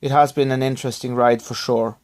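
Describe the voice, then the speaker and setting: A man recovering from illness, talking to his viewers in a subdued, halting, apologetic way with many restarts. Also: medium pitch, steady tone, darkish tone. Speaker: YouTuber thanking subscribers. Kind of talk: rambling personal vlog.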